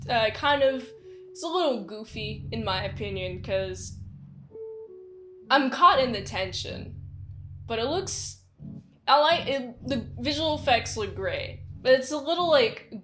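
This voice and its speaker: Woman film reviewer, high voice, unhurried delivery, rambling and giggly, faint music underneath. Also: fairly bright tone. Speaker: movie reviewer. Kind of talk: casual spoken movie recap.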